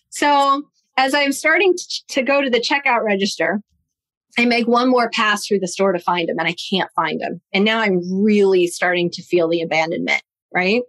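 A woman with a fairly high voice tells a personal story in a relaxed podcast conversation. She acts out what she and others said, with lively jumps in tone. The sound is close and dry. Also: normal speed, no room sound. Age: adult, parent of a young son. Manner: animated, acts out her own and others' quoted lines.

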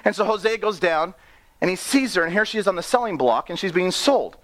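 A man preaching an animated sermon, often laughing and acting out the people in his story. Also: sits high, brisk. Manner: excitable, laughs often, acts out characters.

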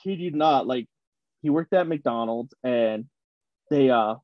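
A man co-hosting a casual podcast chat, rambling through animated stories with lots of fillers. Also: medium pitch, slow, dry recording, lo-fi sound. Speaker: podcast co-host.

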